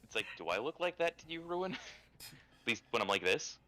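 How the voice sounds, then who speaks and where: A man playing a tabletop game, quick and mock-offended in banter. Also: mid-range voice, big pitch swings, sharp tone, a little hiss or hum. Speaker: player.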